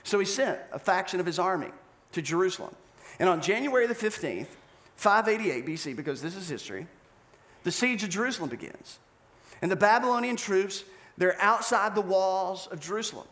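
A male pastor preaching a sermon, telling a story with animated delivery and acted-out scenes. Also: high-pitched, a little fast.

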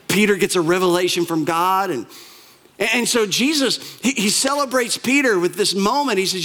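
A man with a notably high voice delivers a sermon. He tells scripture stories with animated, conversational asides, acting out quoted lines as he goes. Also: fast. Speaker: pastor.

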